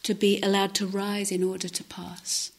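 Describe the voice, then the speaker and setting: A woman meditation teacher giving a gentle, reflective dharma talk at a retreat, often dropping to a soft near-whisper. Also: medium pitch, level tone, normal speed. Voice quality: breathy, often drops to a whisper. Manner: gentle, reflective, with hesitant restarts. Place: retreat center meditation hall.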